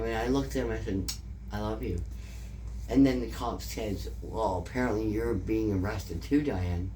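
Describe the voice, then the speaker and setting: A woman's voice: very deep voice, a little mellow, slight background noise. A woman with a Canadian accent, telling an emotional story in a casual interview, swearing often and repeating herself. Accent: Canadian English.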